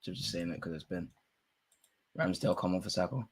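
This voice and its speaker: A young man with a husky voice keeps a brisk pace as he hosts a live football watch-along, excitable and slangy, his volume veering from loud bursts to low mutters.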